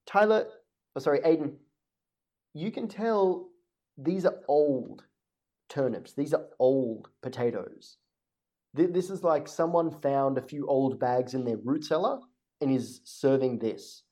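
Relaxed, dry-humoured male game master. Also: medium pitch, measured pace. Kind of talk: narrating a tabletop game.

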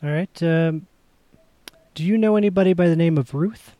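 A man playing a police officer in a tabletop game, asking halting questions. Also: on the high side, dark tone, dry recording. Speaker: player.

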